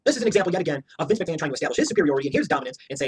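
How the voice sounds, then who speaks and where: Man, wrestling reviewer, profane heated rant, very rapid delivery, raspy tone. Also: on the high side, big pitch swings.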